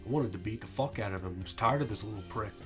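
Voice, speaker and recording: A man's voice: lowish voice, fast talker. Man, young vet, swearing a lot, venting a story, faint music under it. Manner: angry, profane, acts out quoted dialogue. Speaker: army veteran vlogger. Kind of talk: casual storytelling.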